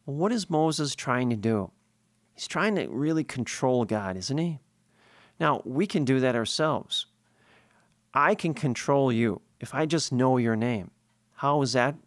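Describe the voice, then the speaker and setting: A man's voice: medium pitch, expressive, a little slow, no echo, studio quality. A priest giving a sermon, explaining scripture earnestly and posing questions he then answers himself.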